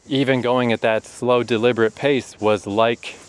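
A man's voice: mid-range voice, steady tone, normal speed, clean tone, low-quality recording. A man narrating a vlog while hiking a hot forest trail, sweaty and short of breath, chatty and self-mocking with bursts of swearing. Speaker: vlogger.

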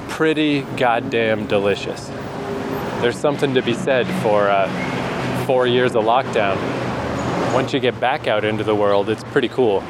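Chatty man vlogging on a busy street. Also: mid-range voice. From New Brunswick, Canada. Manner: rambling, chatty, laughs often. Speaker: travel vlogger. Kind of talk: casual travel vlog, walking outdoors. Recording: street traffic noise behind.

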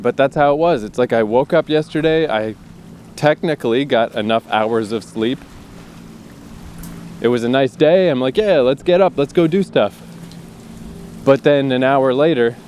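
A man speaking at a middle pitch, rambling through a relaxed solo podcast monologue. He is self-deprecating and curses casually as he talks. A faint hum of noise sits behind his voice. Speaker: podcast host.

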